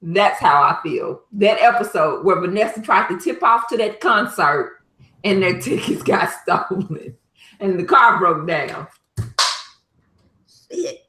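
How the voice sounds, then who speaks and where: A woman's voice: medium pitch, animated, slow pace, bright, forceful tone, reverberant, rough recording. A woman co-hosting a podcast, chatting casually and scolding her co-host in exasperation, with bursts of laughter. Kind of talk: casual chat.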